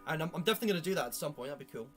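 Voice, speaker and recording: A man's voice: fairly high pitch, expressive, racing. A man hosting a casual chat with friends, giving opinions in a rambling way with lots of fillers. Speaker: YouTube host. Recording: music playing under the voice.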